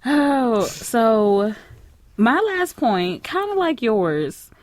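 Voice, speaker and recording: A woman's voice: fairly high pitch, sing-song, very slow, no room sound. A woman co-hosting a casual podcast, answering with short agreements and frequent laughter. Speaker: podcast co-host.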